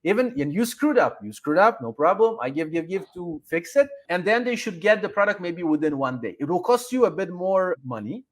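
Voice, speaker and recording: A man's voice: high voice, sing-song, fairly quick, hardly any pauses. A man guest in a casual chat, giving advice and acting out sample customer emails.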